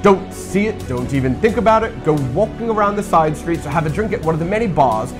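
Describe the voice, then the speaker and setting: A man's voice: on the high side, lively intonation, quick pace, music in the background, voice pushed up, natural voice. A man doing a put-on British accent as a pompous, grumpy male tourist, reading a long complaint with grand drama.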